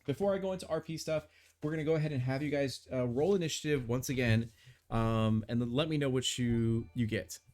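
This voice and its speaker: A man's voice: medium pitch, fairly quick, darkish tone. A man narrating as game master of a tabletop game on a live stream, rambling with many fillers and restarts.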